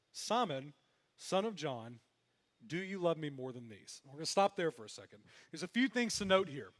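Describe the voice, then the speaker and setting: A man preaching a sermon as pastor, telling the story with animation and acting out what the characters say. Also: high-pitched. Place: church hall. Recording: long reverb of a church hall.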